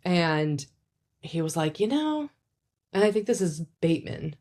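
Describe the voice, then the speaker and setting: A woman with a notably low speaking voice talks through advice like a relaxed psychologist. Her delivery is casual and chatty, with frequent fillers and little asides. She slips into quoted speech with sudden jumps in pitch. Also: normal speed. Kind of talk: casual educational talk.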